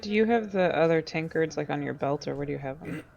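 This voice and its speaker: A woman's voice: low voice, quick pace, vocal fry, muffled recording, background noise. A woman playing a tabletop game, chatty and explaining her character's plans. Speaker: player.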